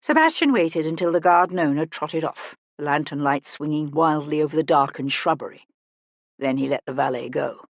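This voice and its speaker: A woman narrating a historical mystery audiobook in an expressive storytelling manner, close to the mic. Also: deep voice, normal speed, dry recording, muffled recording.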